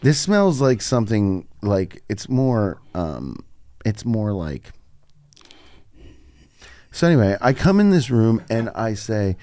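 A podcast co-host chats casually in a fairly low, warm voice with big pitch swings, speaking slowly with long pauses. He rambles, cuts himself off mid-sentence, and often slips into a mock-whiny complaining tone.

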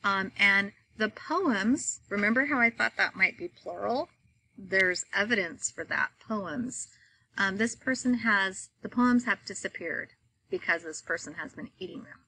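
A middle-aged woman walks through a poem as a think-aloud lesson, letting her thoughts unfold unhurriedly. Her voice is bright and forward, and she is openly expressive as she puzzles over each line. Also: mid-range voice, a little slow, a little hiss or hum, poor audio. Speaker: teacher modeling poem reading.

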